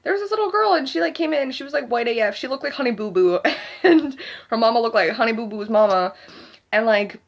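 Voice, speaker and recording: A woman's voice: on the high side, expressive, brisk, vocal fry. Rambling, foul-mouthed young woman ranting. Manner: rambling and profane, constant filler "like". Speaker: vlogger. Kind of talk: casual ranting vlog monologue.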